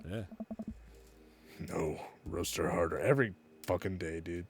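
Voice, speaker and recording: A man's voice: deep voice, normal speed, pauses often, husky. A tipsy man on a casual charity stream, reading game dialogue aloud and laughing often between lines.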